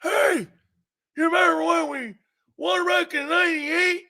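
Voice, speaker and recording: A man putting on an old, toothless male football fan who mumbles loud, high-pitched boasts about past titles. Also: fairly even intonation, a little slow, vocal fry, full character voice. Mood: boastful mumbling.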